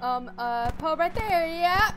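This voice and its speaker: A woman's voice: very high-pitched, lively intonation, slow, background noise. A young adult woman streaming a horror game live, panicking, swearing and repeating herself under stress. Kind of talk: live gameplay reaction.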